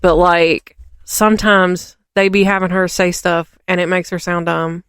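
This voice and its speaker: Smooth-voiced woman ranting in casual chat. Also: fairly low pitch, level tone, measured pace, fairly bright tone, dry recording, studio quality. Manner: rambling, ranting, frequent fillers. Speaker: podcast co-host.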